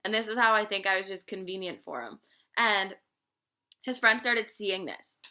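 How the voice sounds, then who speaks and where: Bright-voiced young woman telling a story. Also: medium pitch, normal speed. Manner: profane, animated storytelling with frequent laughs. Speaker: vlogger. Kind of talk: casual storytime vlog.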